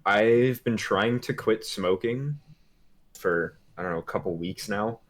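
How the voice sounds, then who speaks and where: Young man, low voice, laid-back, filler words, casual swearing. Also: a little slow. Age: young adult. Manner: loose, laid-back talk full of "like" and swearing. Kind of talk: casual chat.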